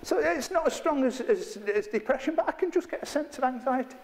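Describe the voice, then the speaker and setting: A man's voice: very high voice, animated, fairly quick, in a large hall, slight background noise. A middle-aged man, leading an interactive workshop with a live group in a chatty, playful, self-mocking way. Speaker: workshop trainer. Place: training room with a live group.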